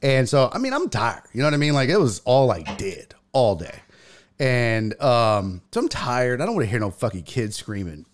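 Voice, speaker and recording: Man, podcast host, swears a lot, tells stories, voice rises and falls a lot. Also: normal speed. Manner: animated, profane, acts out quotes in a loud high voice. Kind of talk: casual storytelling chat.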